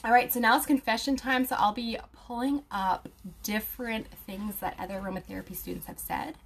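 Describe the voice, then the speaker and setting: A woman's voice: a little high, fairly even intonation, brisk, breathy edge. A young woman, an aromatherapy student, chatting casually with viewers and reading their comments aloud, with lots of fillers and laughs. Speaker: aromatherapy student and live-stream host.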